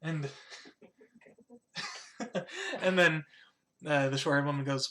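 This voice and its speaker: A man's voice: a little high, slow pace, pauses often, bright, forceful tone. A man narrating a tabletop game as game master, casual and full of "like" and "kind of". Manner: casual, filler-heavy, says "like" and "kind of" often.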